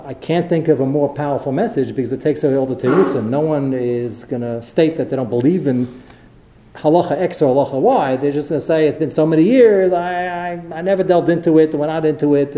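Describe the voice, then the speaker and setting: A man delivering a Torah lecture, telling stories with animated, acted-out quotes. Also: on the high side. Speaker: rabbi. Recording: roomy echo.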